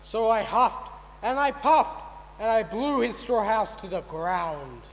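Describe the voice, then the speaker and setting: A man's voice: high-pitched, expressive, slow, in a large hall, a little hiss or hum, voice pushed up, exaggerated voice, low-quality recording. A man playing a grandiose territorial wolf. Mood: menacing. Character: pompous territorial male wolf. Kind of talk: amateur comedy stage acting.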